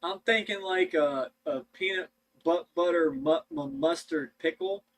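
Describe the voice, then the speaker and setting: A young man hosts a relaxed livestream, stammering and restarting as he reads donations and chats. His voice sits notably high for a man. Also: a little slow. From United States. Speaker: livestream host. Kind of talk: casual livestream chat.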